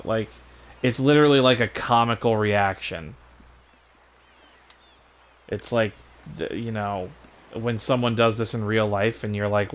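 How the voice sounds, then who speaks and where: A man's voice: fairly low pitch, steady tone, measured pace, pauses often, smooth. A man streaming a game, reading the dialogue aloud and mocking the characters with casual profanity.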